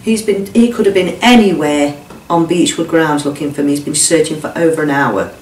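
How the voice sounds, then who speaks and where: A middle-aged woman appears as a whistleblower guest, giving a blunt, emotional first-hand account, swearing freely and acting out what others said. Her low, darkish voice moves at normal speed, picked up by a distant mic in an echoey room with a little hiss or hum.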